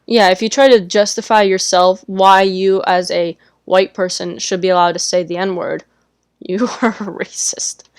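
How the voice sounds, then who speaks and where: A woman's voice: mid-range voice, steady tone, normal speed, clean tone, dry recording, studio quality. A woman co-hosting a podcast, talking bluntly and outspokenly in casual chat. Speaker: podcast co-host, streamer.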